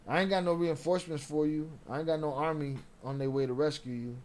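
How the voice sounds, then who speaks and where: A man's voice: on the high side, fairly even intonation, fast, darkish tone. A man giving loose, slangy, profane commentary as a streamer. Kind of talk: casual commentary.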